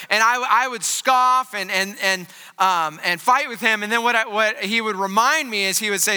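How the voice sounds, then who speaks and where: A man's voice: sits high, moderate pace, few pauses, bright, forceful tone, clear, resonant tone, in a large hall. A man preaching a sermon in a casual, joking, conversational way, full of fillers. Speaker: pastor.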